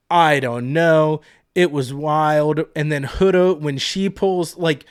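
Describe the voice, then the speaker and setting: A young man talks through a reality-show week in a chatty, sarcastic podcast recap, often mimicking the people he quotes. His voice sits in a middle pitch. The sound is dry and close, with no room echo. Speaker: podcast host.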